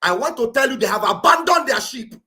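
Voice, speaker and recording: A man speaking Nigerian English mixed with Pidgin, giving a loud, preachy livestream address with a booming voice and shouted exhortations. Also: expressive, brisk. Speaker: livestream commentator. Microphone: streaming setup mic.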